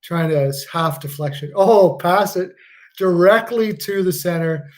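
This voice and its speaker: A man's voice: high-pitched, measured pace, a little mellow. A man hosting a live stream, reacting casually to a hockey game. He jokes, laughs a lot and swears freely.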